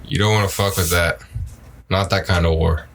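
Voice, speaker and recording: A young man co-hosting a podcast in casual chat, blunt and profane with deadpan humor. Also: low voice, moderate pace, vocal fry, a little hiss or hum. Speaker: podcast co-host.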